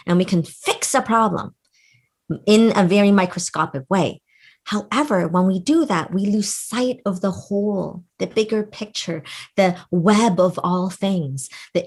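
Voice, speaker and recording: A woman co-hosting a wellness podcast, talking in a casual, affirming and explanatory way. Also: on the low side. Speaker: podcast co-host.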